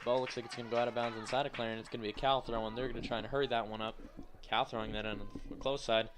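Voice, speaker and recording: Over a noisy backdrop, a young male commentator delivers very fast live coverage of college women's soccer in a level, medium-pitched voice. Tired and yawning, he keeps dropping playful, offhand remarks into the call.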